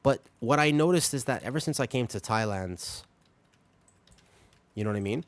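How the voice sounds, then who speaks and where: A man's voice: mid-range voice, normal speed, dry recording. A man streaming a game, chatting with his viewers and explaining things patiently while a little sick. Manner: explains patiently, lively and talkative, laughs often. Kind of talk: casual chat with stream chat while gaming.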